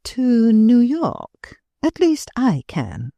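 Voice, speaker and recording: A woman voicing a poised middle-aged mother who speaks calmly and with measure. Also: low voice, slightly rough, no echo, exaggerated voice. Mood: cool. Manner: calm, measured.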